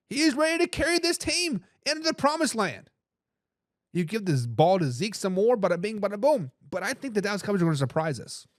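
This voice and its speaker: A man hosting a live football talk show, casual and animated, throwing in slang and restarting his phrases as he reads out viewer comments. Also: sits high, no room sound, clean studio sound. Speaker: sports talk show host.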